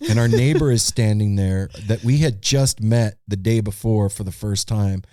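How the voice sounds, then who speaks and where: A man's voice: lowish voice, moderate pace, dark tone, dry recording, studio quality. A man co-hosting a podcast, animatedly retelling a story in casual chat and swearing freely. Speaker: podcast co-host. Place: home podcast studio.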